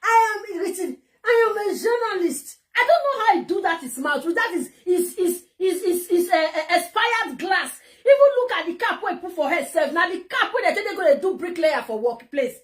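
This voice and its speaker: Ranting Nigerian woman, very high voice. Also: big pitch swings, fairly quick, few pauses. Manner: heated, mocking, repeats herself. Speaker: vlogger. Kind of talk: angry ranting vlog.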